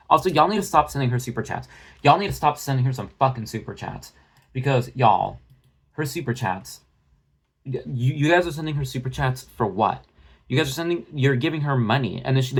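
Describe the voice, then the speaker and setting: A drama commentary vlogger rants bluntly into a phone, his medium-pitched voice animated and a little fast. The ranting commentary is profane and rambling, with restarts.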